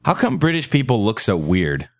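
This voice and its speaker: A man's voice: fairly low pitch, sing-song, moderate pace, dry recording. A man in his thirties hosting a casual comedy podcast, joking crudely and laughing often. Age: 30s. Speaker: podcast host.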